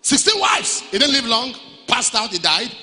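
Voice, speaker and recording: Pastor preaching in a reverberant hall. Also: male voice, animated, normal speed. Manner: swings from low storytelling to shouted preaching. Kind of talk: sermon.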